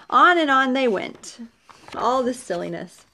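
Woman storyteller, lively pitch, chatty asides, children's read-aloud. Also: slow. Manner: warm-toned, chatty asides with laughs.

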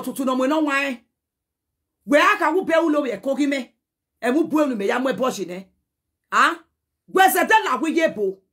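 Agitated Nigerian woman, husky voice. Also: on the high side, a bit bright. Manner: agitated, pleading and scolding, switching between Pidgin and a local language. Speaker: social media personality. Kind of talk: heated direct-to-camera message.

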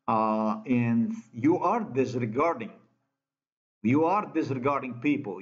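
Ranting Slovenian-accented man, lo-fi. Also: mid-range voice. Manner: ranting, profane, repetitive non-native phrasing. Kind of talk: angry monologue. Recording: dull lo-fi sound.

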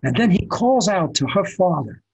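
Husky older New storyteller. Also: male voice, sits high, normal speed, poor audio. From the Bronx, New York. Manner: animated anecdote-telling with frequent restarts. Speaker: photographer guest. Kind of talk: conversational storytelling interview.

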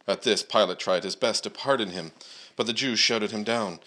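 A man preaching at a church service, praying and then reading scripture aloud in a measured way, with frequent "uh" and "um" fillers. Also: on the low side, sharp tone.

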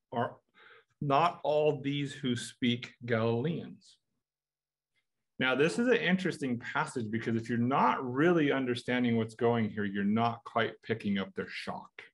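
Husky-voiced American man teaching scripture. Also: medium pitch. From United States. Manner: conversational, asks rhetorical questions. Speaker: Bible teacher. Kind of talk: Bible study teaching.

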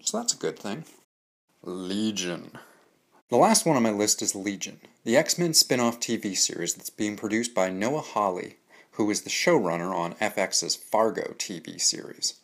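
A man with a lowish, expressive and slightly bright voice talks at normal speed, presenting candid, opinionated comic reviews with dry jokes in a scripted monologue on his analysis show.

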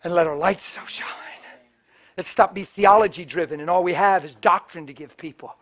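A man's voice: high-pitched, normal speed, a bit bright. A middle-aged man preaching a sermon, telling stories in a passionate, colloquial way and acting out the dialogue. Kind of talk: sermon storytelling.

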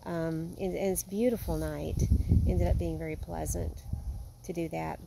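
A woman vlogging at home, talking in an earnest, heartfelt way that sometimes drifts soft and quiet. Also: deep voice, steady tone, moderate pace, vocal fry, very noisy. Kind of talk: casual vlog monologue. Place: home with a yard.

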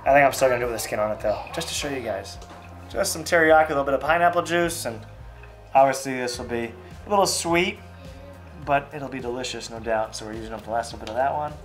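A man's voice: mid-range voice, fast talker, faint music behind. A man hosting a casual home cooking vlog, chatting easily and explaining each step as he cooks. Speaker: family fishing channel host. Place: home kitchen.

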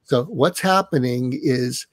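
A man's voice: mid-range voice, takes it slowly. An older man, a psychiatrist guest on a live online interview, explaining ideas and acting out example dialogues. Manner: role-plays inner dialogue to illustrate. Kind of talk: conversational interview. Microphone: online live stream.

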